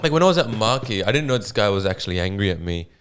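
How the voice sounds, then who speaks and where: This is a young man in casual podcast talk. His voice sits a little low. He tells stories in a relaxed way and swears along the way. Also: rapid-fire, slight background noise. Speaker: podcast co-host. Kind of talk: casual chat.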